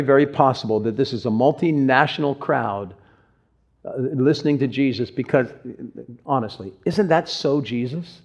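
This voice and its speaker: A man, a pastor, delivering a conversational sermon with dramatic pauses and acted-out quotes. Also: mid-range voice.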